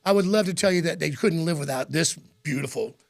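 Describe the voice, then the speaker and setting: A middle-aged man with a gravelly, raspy voice, a radio host telling rambling stories in a casual interview and laughing often. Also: on the high side, quick pace. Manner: rambling, animated anecdotes with frequent laughs.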